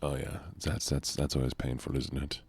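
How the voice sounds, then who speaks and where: Man, extremely deep voice, husky, soft-spoken game streamer, laid-back chat with viewers. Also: little pitch movement, moderate pace. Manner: laid-back, chatty with viewers, thanks followers.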